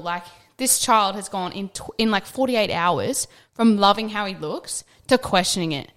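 A young woman talks earnestly in a casual podcast chat. Her voice sits in a middle pitch. She tells stories with lively acted-out quotes and swears now and then. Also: moderate pace, hardly any pauses.

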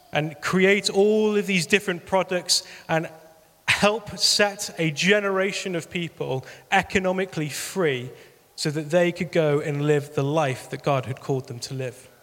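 A man's voice: on the high side, a bit bright, in a large hall. A man giving an earnest sermon appeal as pastor, repeating phrases for emphasis.

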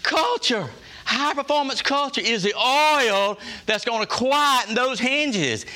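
A man's voice: very high-pitched, measured pace, pushed and bright. A man giving a folksy, emphatic motivational talk to his staff, repeating key phrases and asking the room questions. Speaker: workplace leader giving a culture talk.

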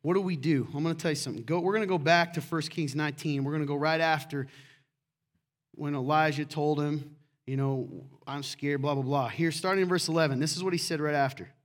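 A middle-aged man preaching a sermon as pastor, lively and acting out quoted voices. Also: fairly high pitch, a little fast.

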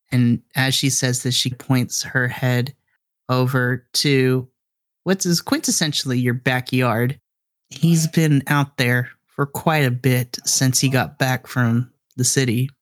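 A man narrating a tabletop role-play as game master, telling the story in a measured, descriptive way. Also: mid-range voice, fairly even intonation.

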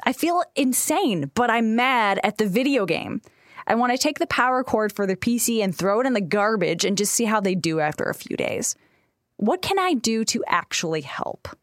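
A young adult woman co-hosting a podcast, reading out listener questions and chatting casually, with lively, animated delivery and frequent laughter. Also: a little high, moderate pace, dry recording, clean studio sound. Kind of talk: casual chat.

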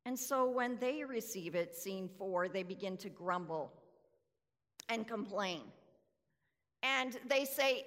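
A woman preacher giving a sermon, deliberate and full of rhetorical questions. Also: mid-range voice, animated, a bit bright. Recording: reverberant hall.

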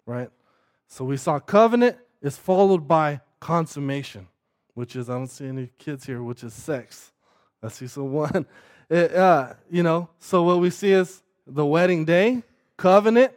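Delivering a sermon in a fairly high pitch, this man keeps checking in with "right?" His sentences frequently restart, with words repeated along the way.

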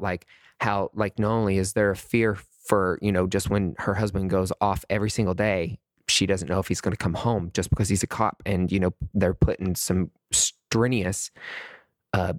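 A man's voice: lowish voice, no echo, studio quality. Impassioned man hosting a podcast. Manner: impassioned, rambling, many restarts and "like"s. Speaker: podcast host. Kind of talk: casual podcast monologue.

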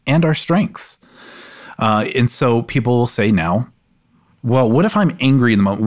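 Middle-aged male podcast guest, low voice, earnest and reflective, measured delivery. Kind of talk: podcast conversation.

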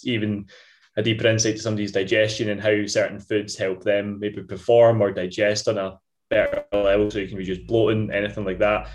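Upbeat Scottish man, flat low voice. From Ayrshire, Scotland. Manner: chatty, upbeat, lots of mate and wee. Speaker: guest, online fitness coach. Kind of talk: casual podcast interview.

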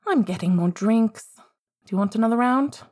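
A woman voicing a bossy, exasperated young woman who talks in a brisk, commanding way. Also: a little high, expressive, darkish tone, pitched above the performer's own voice.

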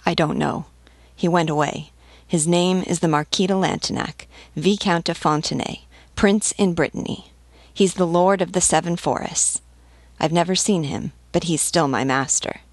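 A woman's voice: lowish voice, moderate pace, dry recording. A woman reading as a simple, devout sailor who speaks plainly and earnestly. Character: simple devout young sailor, loyal and blunt. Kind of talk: audiobook reading.

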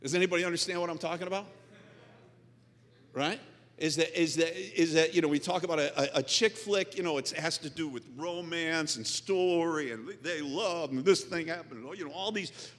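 A male pastor delivers a sermon in a conversational manner, quizzing his listeners and acting out little scenes. His voice sits a touch high and rings bright and sharp. A long reverb trails off through the large hall. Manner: conversational, quizzes the audience, acts out stories.

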